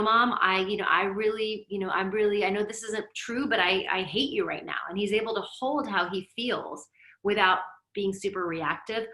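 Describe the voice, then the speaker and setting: Middle-aged woman from Lebanon, therapist and yoga teacher, bright voice, gently guiding talk, roomy echo. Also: medium pitch. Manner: conversational, reflective, gently guiding. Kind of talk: teaching talk with personal stories.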